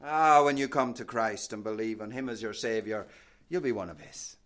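A man preaching a sermon with passion, quoting old-fashioned scripture, his voice swelling loud and then dropping to a hush. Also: fairly low pitch, normal speed.

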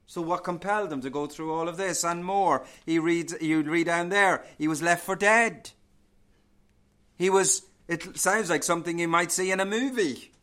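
A male preacher delivering a sermon, his voice bright and forceful. He sits a little higher than most men and presses his points home with repetition and questions put to the congregation. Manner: preaching with rising emphasis and rhetorical questions. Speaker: pastor.

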